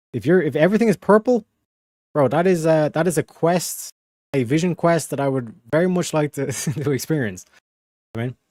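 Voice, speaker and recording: A man's voice: fairly high pitch, a little mellow, dry recording, clean studio sound. Rambling man chatting on a stream. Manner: rambling, slangy, peppered with "bro" and "you know what I mean". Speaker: livestream host. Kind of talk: casual chat.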